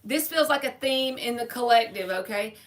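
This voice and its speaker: On a live stream, a woman reads tarot and chats casually with her viewers in slangy, everyday language. Her voice is fairly high and her pace moderate.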